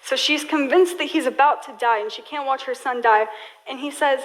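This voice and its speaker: A woman's voice: sits high, normal speed, low-quality recording. A young woman preaching a sermon in a casual, storytelling way, full of "like" fillers.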